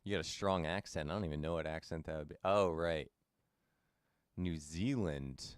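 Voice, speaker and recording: A young man with a low, deep voice chats easily with his viewers while he streams a game. He is laid-back and talkative, calling people in the chat by name. The sound is dry and close, with no room echo. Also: normal speed, clean tone. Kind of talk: casual live-stream chat.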